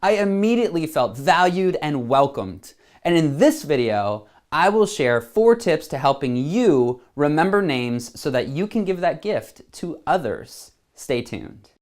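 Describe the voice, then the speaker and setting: Lively, animated male video host. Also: on the high side, measured pace. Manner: animated, acts out little scenes. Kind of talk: energetic self-help video talk.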